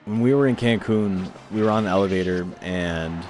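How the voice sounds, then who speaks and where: A man from Toronto, Canada, hosts a game tournament stream and chats casually between matches, with soft music playing behind him. His voice is deep and darkish, delivered at a moderate pace. He wanders from one story to the next, swearing freely and laughing between anecdotes.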